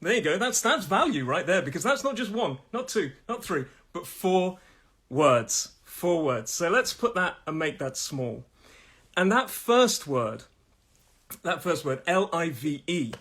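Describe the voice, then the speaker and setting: Midlands guy from nottingham teaching pronunciation live, bit husky, a touch higher voice, chatty and laughy. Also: very animated, a little slow, a bit bright. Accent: Nottingham, English Midlands. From Nottingham, England. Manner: chatty, laughs often, repeats himself. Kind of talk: live-streamed pronunciation lesson. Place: his own room.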